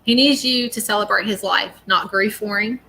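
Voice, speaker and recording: A woman's voice: medium pitch, moderate pace, creaky, pushed and bright, slight background noise. A woman giving a live psychic reading at home, talking earnestly and casually with lots of fillers and check-ins. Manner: chatty and earnest, many fillers and "okay?". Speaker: psychic medium.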